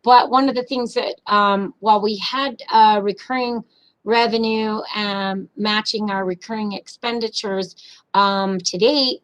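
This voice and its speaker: A woman walks commissioners through budget slides at a public session. She talks fast and businesslike, dropping in many ums and uhs as she goes. Her voice sits at a middle pitch. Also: steady tone, rough recording. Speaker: county finance official presenting a budget.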